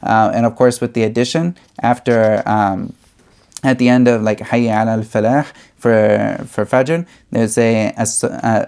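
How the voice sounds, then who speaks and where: Hesitant man, low voice. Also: steady tone, moderate pace, creaky, a little mellow, clean tone. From United States. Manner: hesitant, many fillers and restarts. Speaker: religious studies teacher. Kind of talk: explanatory lesson.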